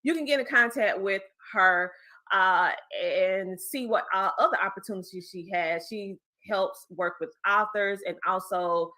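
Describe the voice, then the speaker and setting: Bright-voiced upbeat woman host. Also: mid-range voice, a little slow. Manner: upbeat, promotional, laughs easily. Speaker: network host. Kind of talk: casual live-stream chat.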